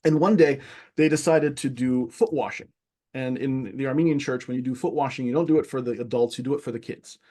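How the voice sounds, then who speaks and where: A man speaking as a guest, telling a story from his childhood in an animated, casual way with many restarts. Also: mid-range voice, brisk. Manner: animated, many restarts, acts out quoted voices. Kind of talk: casual conversation, personal storytelling.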